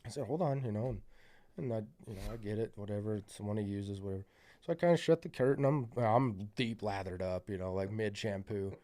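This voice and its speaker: A man's voice: fairly low pitch, a little fast, warm tone. A man on a podcast telling a long story in a rambling, profane way, full of fillers. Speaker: podcast guest. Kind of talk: casual storytelling.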